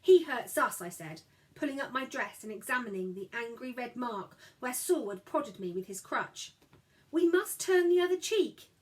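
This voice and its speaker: A woman's voice: a little high, lively intonation, normal speed, natural voice, rough recording. A woman voicing a small timid, pious boy who whimpers and speaks tearfully. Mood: earnest.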